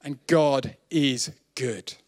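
A man with a Southern English accent preaches a sermon in a church hall, speaking extremely slowly. He raises his voice high whenever he quotes scripture and laughs off his own slips.

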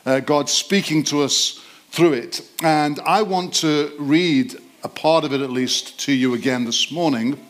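A man with a slightly raised voice preaches to his congregation, leaning hard on chosen words as he reads scripture. He keeps turning to the listeners with questions, drawing them into the talk. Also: a little high. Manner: interactive, quizzes the congregation; slows and stresses words in scripture reading. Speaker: pastor. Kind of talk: sermon. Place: church service.

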